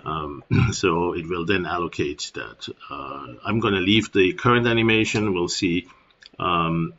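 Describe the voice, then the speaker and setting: A man with a German accent casually walking through a software tutorial at his computer, rambling with plenty of filler words. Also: sits low. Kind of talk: casual screen-recording tutorial. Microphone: computer microphone. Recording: dull lo-fi screen recording.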